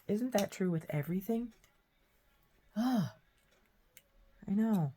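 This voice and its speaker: A woman with a cold and a hoarse throat, chatting casually while she shows a painting craft. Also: medium pitch, expressive, slow pace, pauses often, dark tone. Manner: chatty, rambling, self-deprecating. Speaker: craft vlogger. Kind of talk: casual painting tutorial chat.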